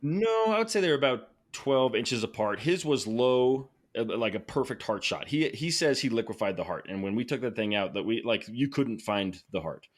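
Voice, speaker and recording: A man telling a story casually as a podcast guest, animated and excited, laughing and restarting sentences. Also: mid-range voice, moderate pace, few pauses.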